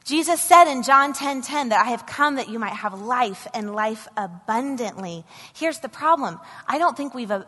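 A woman's voice: fairly high pitch, sharp tone. Woman preaching in a reverberant hall. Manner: earnest, rising to emphatic bursts. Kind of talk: sermon.

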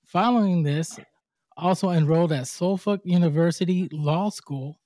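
Chatty host, fairly high voice, dark tone. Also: male voice, no echo, clean studio sound. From United States. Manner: chatty, stumbles while reading a bio, laughs often. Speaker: podcast host. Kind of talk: casual interview.

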